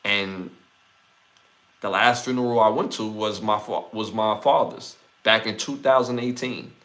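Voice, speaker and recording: Low-voiced man in his forties musing. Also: measured pace, fairly bright tone. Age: 40s. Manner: reflective, conversational, talks things through with "like" and "right?". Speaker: podcast host. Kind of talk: casual solo podcast talk.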